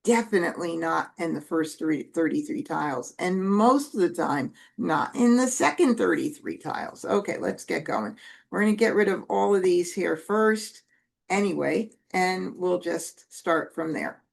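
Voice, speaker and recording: A woman's voice: fairly low pitch, lively intonation, measured pace, gravelly. A woman teaching Mah Jongg strategy in a casual, chatty way, correcting herself and adding asides as she plays. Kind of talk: casual teaching while playing.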